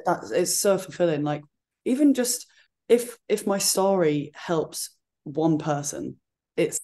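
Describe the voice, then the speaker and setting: A woman with a regional accent, a fitness coach chatting as a podcast guest, talking in an animated way with lots of "like". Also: lowish voice, takes it slowly. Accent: regional accent she calls her own. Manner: chatty, frequent "like" fillers, animated retelling. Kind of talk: casual interview chat.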